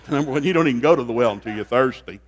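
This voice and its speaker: A man preaching to a church congregation with a folksy, joking delivery. His pitch sits in the middle range. He drops into quiet asides and then builds to loud, excited outbursts. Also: rapid-fire, breathy edge. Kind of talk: comedic sermon. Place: church service.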